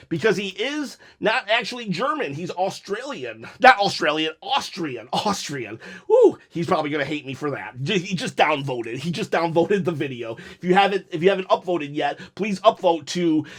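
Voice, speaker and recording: A man with a fairly high, light voice hosts a casual unboxing from his room at home. He talks into a desk microphone in a chatty, joking way, often chuckling at his own asides as he points out details. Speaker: unboxing video host.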